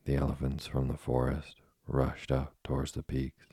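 A man narrating a storybook in a steady, measured reading. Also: a bass voice, slightly rough, dry recording, clean studio sound. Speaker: audiobook narrator.

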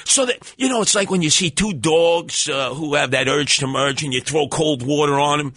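A middle-aged man hosting a call-in radio show, telling stories in a brash, swaggering way with loud outbursts. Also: on the high side, normal speed, few pauses, breathy edge, no room sound. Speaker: radio talk show host. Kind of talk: animated storytelling call-in radio.

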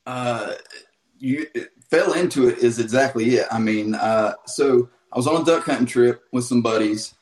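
A man with a thick North Carolina Southern accent chats as a guest, relaxed and rambling through his stories. His voice sits in the middle range. The line sounds roomy and echoey. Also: medium pitch, normal speed. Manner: easygoing, many "uh" fillers, storytelling. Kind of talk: casual interview on a call.

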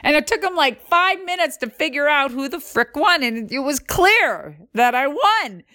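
A middle-aged woman hosting a podcast, telling a racing story in a lively, profane way with vocal sound effects. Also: high voice, moderate pace. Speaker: podcast host and former monster truck driver.

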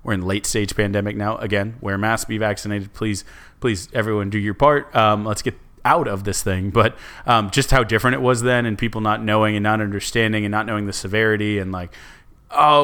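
A man's voice: on the low side, steady tone, brisk, fairly bright tone, clean tone. A young man co-hosting a podcast, chatting casually and rambling with lots of fillers and restarts. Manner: rambling, restarts often, many "like"s and "um"s. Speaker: podcast co-host.

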